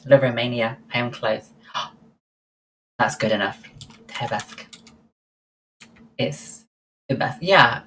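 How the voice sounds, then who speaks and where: A woman's voice: extremely low pitch, steady tone, unhurried, pauses often, a little hiss or hum, poor audio. A woman livestreaming, chatting casually and answering her viewers' messages one by one. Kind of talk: casual chat with live viewers.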